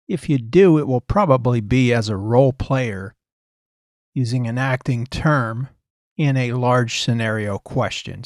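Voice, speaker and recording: Steady explaining male instructor, dry sound. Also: mid-range voice, no room sound. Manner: steady explanatory, repeats key points. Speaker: course instructor. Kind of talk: recorded technical lecture.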